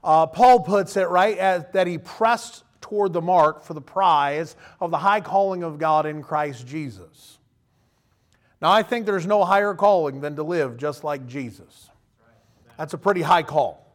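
A man in his thirties delivers a sermon in a loose, conversational way, his voice sitting high for a man. He keeps breaking into little acted-out voices of the people he quotes. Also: measured pace. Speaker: pastor.

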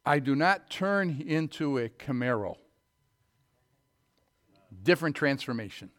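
A middle-aged man preaching a sermon, telling folksy stories before reading scripture in a loud, emphatic voice. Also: medium pitch, lively intonation, unhurried. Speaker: pastor.

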